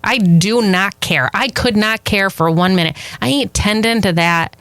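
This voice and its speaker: A woman co-hosting a podcast in casual chat, blunt and animated, swearing freely and acting out little scenes. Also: mid-range voice, a little slow, no room sound. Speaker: podcast co-host.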